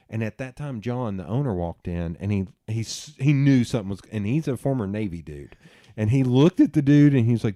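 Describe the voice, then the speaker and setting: A middle-aged man hosts a casual podcast chat, telling long stories with a lot of swearing. His voice is low and mellow. The sound is dry and close. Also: brisk, no room sound. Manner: animated storyteller, swearing, laughing at himself. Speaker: podcast host.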